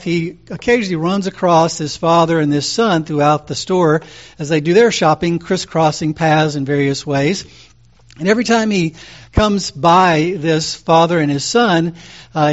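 A man with a fairly high voice delivers a calm, conversational sermon, easing through his points and pausing on little fillers. The recording is dull and lo-fi, with muffled highs. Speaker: pastor.

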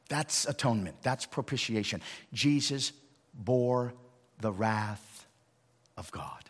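A male pastor giving a sermon, swinging between hushed lines and loud emphatic ones. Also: medium pitch, lively intonation, slow pace, long pauses, slightly rough. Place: church sanctuary. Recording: long hall reverb.

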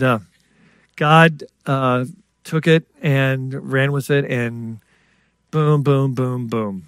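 A man preaching a sermon in a lively storytelling way, acting out voices and joking with the congregation. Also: mid-range voice, no echo. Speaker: guest preacher. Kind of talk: sermon with stories.

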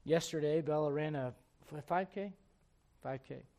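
A man preaching a sermon. He swings between quiet, close asides and loud, emphatic preaching, and keeps asking his listeners rhetorical questions. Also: fairly high pitch, moderate pace, dull audio. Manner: asks the congregation rhetorical questions.

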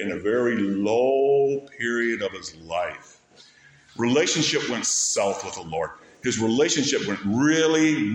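A man preaching a sermon as pastor, with animated delivery that rises sharply to stress key words. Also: medium pitch, roomy sound.

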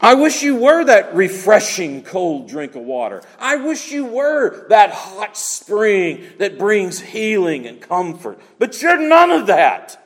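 A man's voice: high-pitched, sing-song, takes it slowly, hardly any pauses, fairly bright tone, long reverb tail. A man preaching a sermon as pastor, emphatic and repeating key words for effect.

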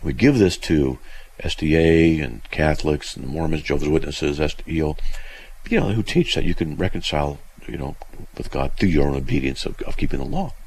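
A man's voice: animated, a little fast, a little mellow, breathy edge, rough recording. A man hosting a call-in radio show about theology, talking in loose, rambling sentences full of fillers and breaking into emphatic, scornful exclamations. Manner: emphatic, scornful bursts of high-pitched exclamation.

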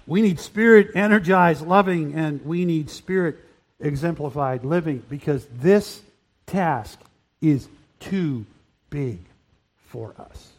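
An older man preaching a sermon, earnest, rising to loud emphatic peaks. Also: on the high side. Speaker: pastor. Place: church hall.

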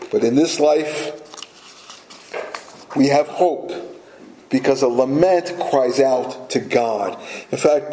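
Slow, deliberate preaching man. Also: medium pitch, darkish tone, reverberant, low-quality recording. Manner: deliberate, emphatic repetition. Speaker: pastor. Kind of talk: sermon.

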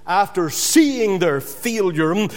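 High, lively preacher in an echoey hall. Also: male voice, takes it slowly. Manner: dramatic, swinging between loud emphasis and hushed drops. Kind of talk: sermon.

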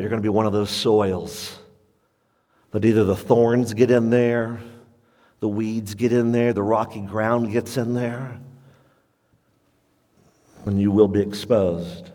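A man preaching a radio sermon as pastor, animated, jumping into sudden high-pitched emphasis. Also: slow, pauses often, in a large hall.

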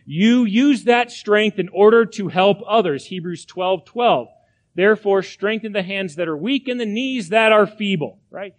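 A man preaching a sermon from the pulpit, emphatic, with repeated phrases and rhetorical questions. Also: high-pitched. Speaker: pastor.

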